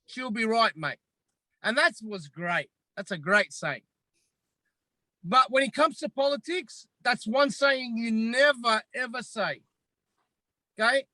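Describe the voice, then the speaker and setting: Australian man, podcast guest: high, bright voice, measured delivery, hammers his points home. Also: animated, dry recording, low-quality recording. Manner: emphatic, repetitive, deliberate. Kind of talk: impassioned podcast talk.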